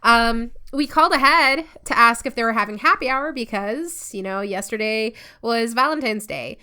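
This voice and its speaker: A woman co-host chats away, telling a story in a lively, laughing way. Her voice is bright and clear, sitting slightly high. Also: normal speed. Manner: chatty storyteller, laughs often. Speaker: podcast co-host. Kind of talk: casual chat.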